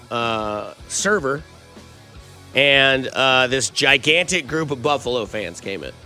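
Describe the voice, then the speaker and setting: A man's voice: mid-range voice, expressive, takes it slowly, bright, forceful tone, soft background music. A young man hosting a sports radio show, chatting and telling rambling stories in a casual way. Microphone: studio microphone.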